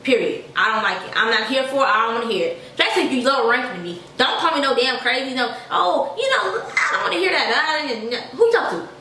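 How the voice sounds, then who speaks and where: A young woman vlogger telling a casual storytime to her viewers in a sassy, animated way. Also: sits high, quick pace, hardly any pauses, echoey room, distant mic, slight background noise, rough recording.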